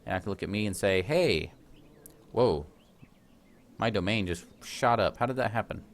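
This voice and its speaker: A man's voice: on the low side, moderate pace. A man giving casual, chatty commentary while playing a strategy game, often joking at his own expense. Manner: chatty, self-deprecating, laughs at himself. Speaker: let's play host.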